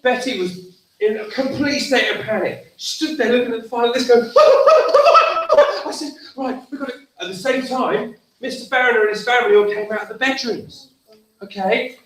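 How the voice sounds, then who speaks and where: An animated man tells a story to children and leads them in actions. His voice is fairly high and bright. It sounds distant and very echoey, as in a school hall, with faint noise. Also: normal speed. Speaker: theatre workshop leader.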